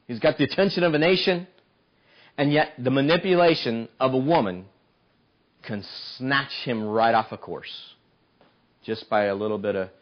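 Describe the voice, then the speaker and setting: A man preaching a sermon, telling a story in an animated way and often repeating words as he restarts. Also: medium pitch, highs cut off.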